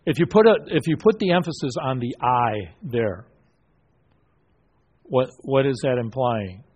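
A man's voice: mid-range voice, expressive, a little mellow, breathy edge. A man teaching a Bible study group, asking questions and affirming answers, with many fillers and restarts. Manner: halting, with frequent fillers and restarts.

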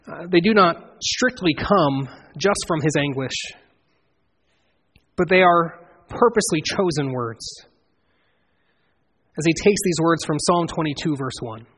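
A man preaching an expository sermon in an earnest way, building to emphatic swells and then dropping low. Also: a bit bright, breathy edge. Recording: long reverb of a large hall.

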